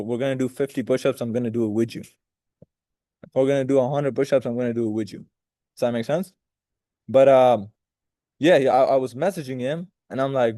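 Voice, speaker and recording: A man's voice: mid-range voice, warm tone, no echo, studio quality. A man leading a group video call, giving a casual, rambling motivational talk with profanity and direct questions to his listeners.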